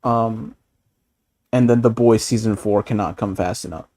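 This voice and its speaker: Animated, swearing man ranting casually. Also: on the low side, normal speed, dry recording. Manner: animated, profane, laughing rants.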